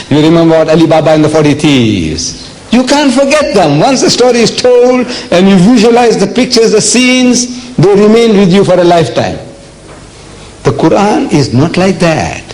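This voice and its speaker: An older man from South Africa giving a public religious lecture, emphatic and deliberate, with rhetorical questions to the audience. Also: high voice, a little mellow, rough recording. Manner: slow, deliberate delivery with dramatic pauses.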